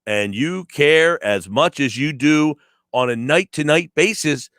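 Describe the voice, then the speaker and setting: A man's voice: a little high, lively intonation, measured pace, a bit bright, no room sound, studio quality. A man hosting sports talk radio, ranting emphatically and sarcastically and mocking callers' complaints. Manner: emphatic, sarcastic, rants with mock quotes. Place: radio studio. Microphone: studio microphone.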